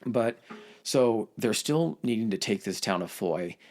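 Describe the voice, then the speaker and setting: Casual low-voiced man retelling history. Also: lively intonation, a little slow, a little mellow. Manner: swears, acts out quotes in voices. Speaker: podcast host.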